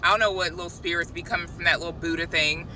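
Bright-voiced woman telling a lively story. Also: lowish voice, fast, slight background noise, low-quality recording. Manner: animated, chatty, addresses viewers directly. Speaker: christian vlogger. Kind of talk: casual testimony storytelling.

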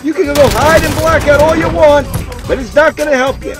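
A man's voice: very high voice, fairly even intonation, fairly quick. An older man giving boastful, profane trash-talk commentary over his own online shooter match, cackling as he goes. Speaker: gamer. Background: music and gunfire.

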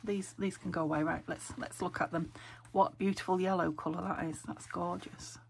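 A woman's voice: fairly low pitch, steady tone, moderate pace, vocal fry, slight background noise, rough recording. A woman from England chatting casually as she sorts craft papers. She thinks aloud and keeps dropping to a whisper because her voice is weak and she is saving her throat. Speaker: craft vlogger. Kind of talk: casual chat while sorting craft papers. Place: craft room at home. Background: paper crinkling and clicks.

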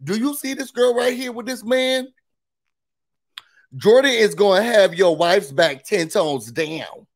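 A man with a somewhat high voice hosts a casual reality TV recap. He speaks emphatically and sprinkles in blunt, opinionated asides. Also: unhurried.

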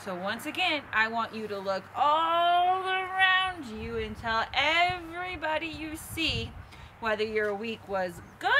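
A woman's voice: high-pitched, pushed and bright, slight background noise. A woman leading a children's church lesson, bubbly and upbeat, calling out to kids to join in. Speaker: children's ministry leader. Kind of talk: kids' church lesson and action song.

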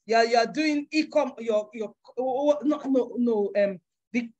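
A woman giving a motivational business workshop in a forceful, preacher-like way, acting out little voices. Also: on the high side, a little slow. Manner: emphatic, preacher-like, acts out voices with big swings.

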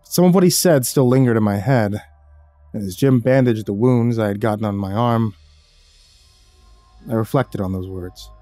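A man narrating a horror story in a steady, low-key storytelling manner. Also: moderate pace, pauses often, no echo. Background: faint music.

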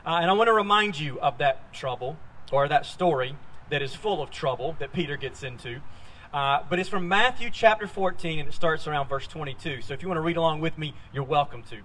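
A man preaching a sermon as a pastor, telling a Bible story with lively, acted-out quoted lines. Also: on the high side, fairly quick. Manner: animated storytelling, acting out quoted voices. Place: church sanctuary.

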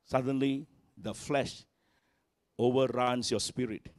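Slow, emphatic preacher. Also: male voice, fairly even intonation, no echo, clean studio sound. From Malaysia. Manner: emphatic preaching, swinging pitch and volume, acts out quotes. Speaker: pastor. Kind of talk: sermon. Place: church.

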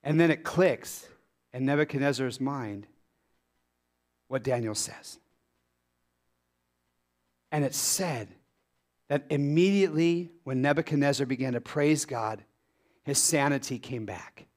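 A male pastor preaching a sermon in an animated way, with rhetorical questions and sudden drops into low, quiet emphasis. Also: a little slow, pauses often.

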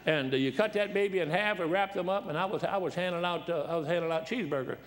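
Man, guest preacher, folksy rambling sermon, slightly high voice. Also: fast talker. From Detroit. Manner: folksy, rambling anecdotes with repeated restarts. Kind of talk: storytelling sermon.

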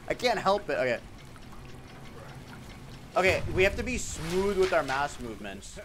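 A man streaming a game live, chatting playfully with his viewers, swearing freely and breaking into sudden excited outbursts. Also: on the high side, normal speed, long pauses, noisy background. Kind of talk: casual game livestream chat.

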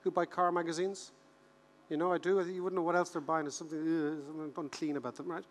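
Irish male keynote speaker, 50s, higher-pitched and joking, in a reverberant hall. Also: quick pace. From Ireland. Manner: animated, joking storyteller who repeats words for effect. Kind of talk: conference keynote speech.

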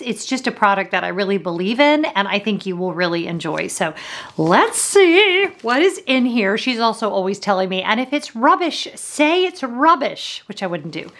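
A woman's voice: medium pitch, fairly bright tone. A woman hosting a casual unboxing vlog, chatting with her viewers in an upbeat way while sitting on her home office floor. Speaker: host.

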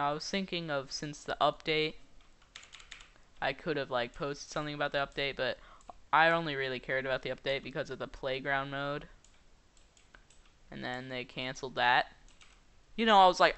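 A young man chats over his gameplay in a loose, meandering way, stopping often to search for words. His voice is bright and clean, pitched a little high. The keyboard clicks now and then as he talks at his desk. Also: smooth. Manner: rambling, hesitant, many fillers. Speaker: gaming YouTuber. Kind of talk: casual gameplay commentary.

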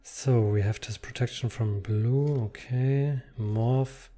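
Guy opening card packs, slow and mellow, reads the cards out loud and mutters to himself. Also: mid-range voice, steady tone. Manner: reads card text aloud, muttering asides. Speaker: card unboxing YouTuber. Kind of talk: casual unboxing commentary.

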